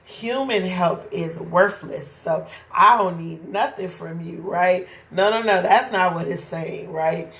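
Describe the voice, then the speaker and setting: A woman's voice: on the low side, slow pace, hardly any pauses, a bit bright, reverberant. A woman teaching a casual Bible study, talking conversationally and often checking in with "right?". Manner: conversational, keeps asking "right?".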